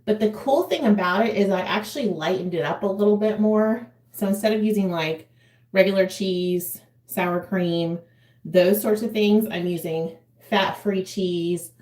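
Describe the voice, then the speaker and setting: A woman's voice: medium pitch, measured pace, a little mellow, roomy sound. A woman in her forties chatting casually to a live chat while doing her makeup at home, laughing often. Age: 40s. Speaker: vlogger.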